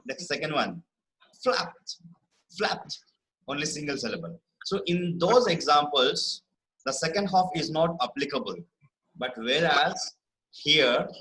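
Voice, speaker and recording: A man's voice: mid-range voice, sharp tone, poor audio. A man teaching a spelling lesson over a video call, repeating words and checking that his students follow. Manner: repeats words for emphasis, checks understanding often. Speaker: English teacher. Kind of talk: online class lecture.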